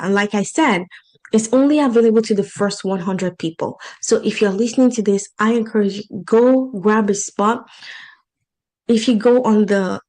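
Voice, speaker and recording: A woman's voice: mid-range voice, darkish tone, low-quality recording. A woman with an accent who works as a life and financial coach, talking casually and encouragingly about her coaching program and repeating points for emphasis. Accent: non-native English accent.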